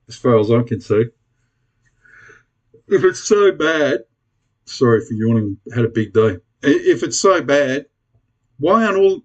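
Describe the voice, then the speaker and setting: An Australian man ranting bluntly to camera in a casual vlog, swearing freely and pleading with his viewers. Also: on the high side. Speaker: prepper vlogger.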